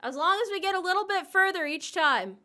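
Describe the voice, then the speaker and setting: A woman's voice: very high voice, expressive, brisk, sharp tone. A woman from the United States streaming a game and chatting live, playful and teasing, tripping over her words as she restarts sentences. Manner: playful, teasing banter with chat, frequent restarts. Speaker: VTuber streamer. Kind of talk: casual live-stream chat while playing a game. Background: faint game music.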